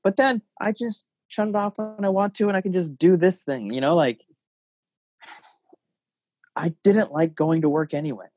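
A man hosting a casual podcast chat, joking and animated, laughing often. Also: sits high, normal speed, long pauses, muffled recording, faint music behind. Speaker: podcast host. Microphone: podcast mic.

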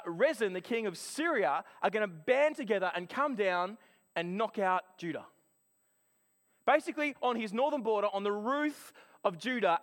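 A man preaching a sermon, telling a personal story in an animated, chatty way. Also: sits high.

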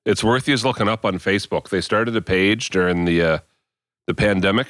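A man's voice: low voice, fairly quick, fairly bright tone, dry recording, clean studio sound. A man co-hosting a podcast, casually and enthusiastically describing a video he watched. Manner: enthusiastic, recounts viral videos with laughs. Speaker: podcast co-host. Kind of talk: casual chat.

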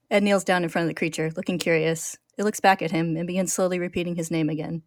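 A woman podcast host retelling an episode in steady, clear storytelling narration. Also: lowish voice, quick pace, few pauses, no room sound, clean studio sound.

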